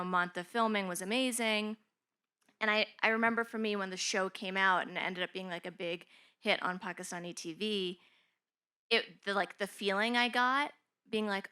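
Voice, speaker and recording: Bright, smooth-voiced woman producer. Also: mid-range voice, steady tone, normal speed. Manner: frank, chatty, lots of "like". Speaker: producer on a panel. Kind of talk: casual panel chat.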